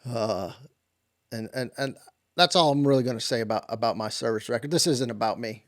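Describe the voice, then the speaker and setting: A man's voice: medium pitch, brisk, close to an everyday voice. A man voicing a boastful, touchy cowboy who tells tall tales of his military service in a rambling, put-on accent. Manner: rambling, swaggering bravado.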